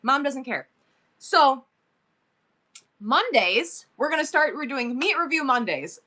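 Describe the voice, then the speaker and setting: A woman's voice: high-pitched, very animated, slow, pushed and bright. A woman in her forties hosting a live selling stream, talking emotionally about her son and gushing thanks to viewers. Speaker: livestream seller.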